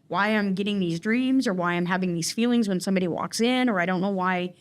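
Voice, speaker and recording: A woman's voice: fairly low pitch, quick pace, hardly any pauses. A woman recounting her personal story in an interview, talking in a rambling way with many fillers and restarts. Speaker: guest in recovery.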